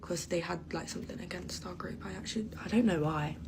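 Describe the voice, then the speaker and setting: A woman's voice: fairly low pitch, fast talker, gravelly, a little mellow, a little hiss or hum, rough recording. Chatty girl, rambling storytime. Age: teens. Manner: chatty, rambling, full of fillers. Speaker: vlogger. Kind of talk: casual storytime chat.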